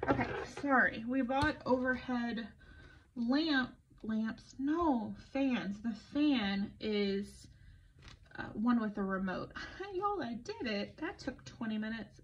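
A woman's voice: fairly high pitch, slight background noise. A tired middle-aged woman, chatting casually while planning, rambling and poking fun at herself. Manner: rambling, self-deprecating storyteller. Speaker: planner vlogger. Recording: slightly dull lo-fi audio.

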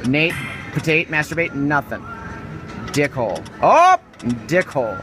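Brief: profane slot vlogger man, swooping voice, loud casino music behind. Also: mid-range voice, moderate pace. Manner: profane, excitable, joking rants. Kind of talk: live casino play commentary. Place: casino floor at a slot machine. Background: loud slot machine music.

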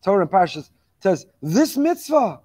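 High-pitched guy rabbi teaching torah, talks super fast, gets really fired up. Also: big pitch swings, warm tone. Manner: fast-talking, admits reading quickly; impassioned, exhorting with rising emphasis. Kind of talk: weekly Torah lecture.

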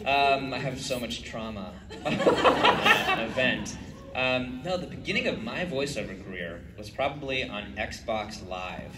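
A man's voice: mid-range voice, takes it slowly, very noisy. A man, a voice actor on a convention panel, telling stories with lots of laughter. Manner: animated storyteller, laughs often. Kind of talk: casual panel chat. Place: convention hall stage. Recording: echoey hall with crowd, distant mic. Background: audience crowd.

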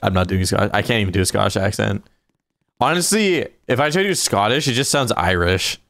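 A man's voice: fairly low pitch, sing-song, fairly quick, creaky, a bit bright, dry recording, clean studio sound. A man hosting a casual gaming livestream, chatting playfully and reading out donations. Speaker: livestream host.

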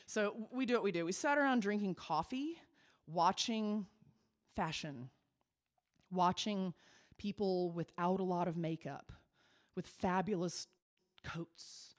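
A woman cabaret performer telling a chatty, animated story on stage. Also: fairly low pitch. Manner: chatty, animated, quick asides.

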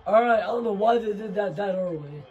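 Hoarse high-voiced man commentating a game. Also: fairly quick, narrow, tinny audio. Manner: excitable, shouts at plays. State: hoarse, losing his voice. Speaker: gaming channel host. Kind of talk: casual gameplay commentary.

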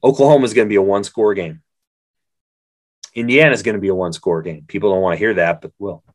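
A man's voice: fairly low pitch, fast, no room sound. A middle-aged man co-hosting a sports podcast, talking bluntly and rambling through his points in casual chat.

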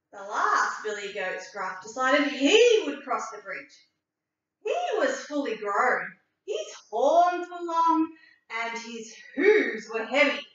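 A woman teacher reading a story aloud and leading a writing lesson for young children, clear and expressive. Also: fairly high pitch. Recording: echoey room from far off, dull.

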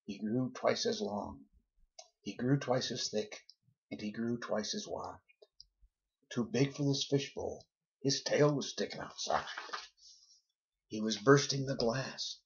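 A man reads a rhyming children's story aloud, keeping a lively, rhythmic beat. His voice is gravelly and very husky. The recording sounds dull and lo-fi. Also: mid-range voice, measured pace, long pauses.

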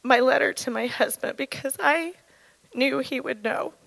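Woman telling her story in church, voice shaky and emotional, high pitch, some vocal fry. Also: fairly bright tone, no echo, poor audio. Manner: earnest, halting, emotional delivery with pauses. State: voice shaken with emotion. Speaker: church speaker sharing testimony. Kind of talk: personal testimony from the stage.

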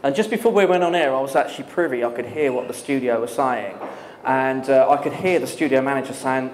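A man telling a lively story to an audience at a live talk, laughing often and using many fillers. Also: medium pitch, fairly quick, a little hiss or hum. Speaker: guest speaker. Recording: echoey hall with long reverb.

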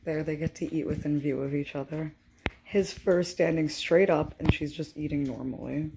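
A woman's voice: sits low, moderate pace, gravelly, background noise. A young woman filming her cats at home on a phone, chatting to them in playful sing-song baby talk. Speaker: cat owner filming her pets. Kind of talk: casual chat to pets on camera.

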